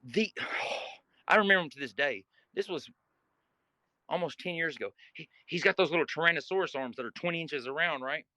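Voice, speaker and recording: A man's voice: fairly high pitch, brisk, pushed and bright, no room sound. A man with a slightly raised voice tells a gritty story in a loose, profane way and acts out the scenes. His voice sounds very dry and close, with no room behind it. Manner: vivid, profane, re-enacts scenes. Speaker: guest. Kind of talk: casual storytelling.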